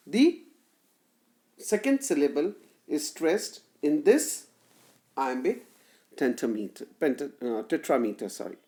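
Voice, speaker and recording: A woman delivers a literature lecture at an unhurried pace. Her pitch moves lively up and down as she breaks ideas into short, careful phrases and stresses key syllables. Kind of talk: recorded classroom lecture.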